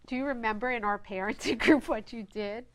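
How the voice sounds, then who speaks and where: A woman's voice: fairly high pitch, fairly quick, crowd noise. A middle-aged woman in a casual family chat, prompting her partner's stories and laughing easily. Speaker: storyteller in a family conversation.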